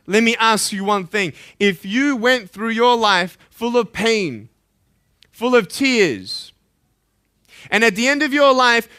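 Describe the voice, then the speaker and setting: A man in his thirties with an Australian accent, giving an impassioned motivational speech at a school assembly. He swings between loud pleading and hushed intensity. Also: high voice. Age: 30s. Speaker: motivational speaker.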